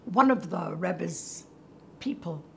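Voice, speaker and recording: An older woman hosting from her kitchen, telling a story with animation and hushed near-whispers. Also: fairly low pitch, expressive, slow pace, creaky, a little hiss or hum. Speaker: host. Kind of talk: storytelling talk to viewers. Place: home kitchen.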